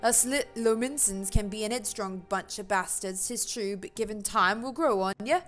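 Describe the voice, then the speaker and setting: A woman voicing a gruff, jovial tavern keeper man in a put-on old sailor brogue, with rough, drawled speech. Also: mid-range voice, moderate pace, fairly bright tone, faint music behind, natural voice. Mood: hearty. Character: gruff pirate-ish tavern keeper man, hearty and boastful.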